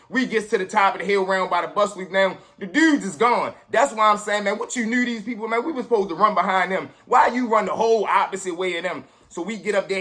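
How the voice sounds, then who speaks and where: A young man casually telling a street story to his viewers in slang, acting out what people said. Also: high-pitched. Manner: animated, street slang, acts out quotes. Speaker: storyteller host.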